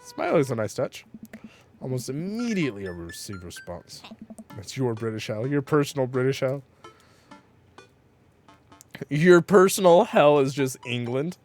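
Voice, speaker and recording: A man's voice: mid-range voice, very animated, a little slow, pauses often, a little mellow, soft background music. A man casually commenting on a dating game he is playing, joking around and reading the game's messages aloud. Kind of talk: casual let's-play commentary.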